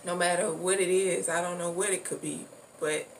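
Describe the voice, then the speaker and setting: Recorded on a distant mic with noticeable background noise, a woman with a fairly low pitch talks at normal speed with fairly even intonation. She's a spiritual vlogger, rambling casually and repetitively about spiritual matters and swearing now and then.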